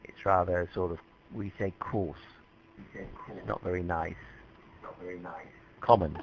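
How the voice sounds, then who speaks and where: A man teaching an English class at a university in a relaxed, chatty way. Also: sits low, slow pace, vocal fry, dull audio, a little hiss or hum.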